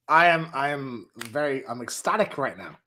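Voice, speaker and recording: A man's voice: medium pitch, expressive, normal speed, pushed and bright. A man chatting as a guest on a livestream video call, tipsy, easygoing and laughing. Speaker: guest panelist. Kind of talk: casual livestream chat.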